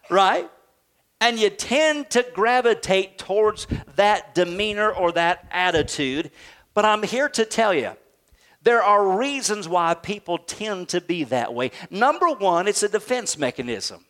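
A male pastor preaching a sermon with a call-and-response style, sometimes building to shouts. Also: high-pitched, animated, moderate pace.

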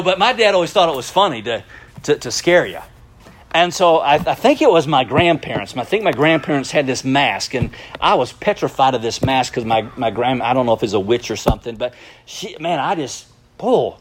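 A middle-aged man preaching a sermon as a pastor, telling stories in a lively way and laughing often. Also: mid-range voice, brisk.

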